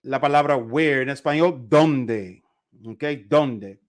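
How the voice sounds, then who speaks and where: An easygoing man leads a live online Spanish class in a mid-range voice. He talks casually to his viewers and slows down to repeat Spanish phrases clearly for pronunciation. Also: medium pitch. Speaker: Spanish teacher. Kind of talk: live online language lesson.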